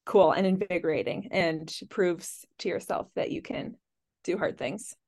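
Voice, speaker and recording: A woman's voice: fairly low pitch, a little slow, darkish tone. A woman co-hosting a podcast, talking casually and rambling with many fillers. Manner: rambling, lots of "like" and "um". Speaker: podcast co-host. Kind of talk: casual chat.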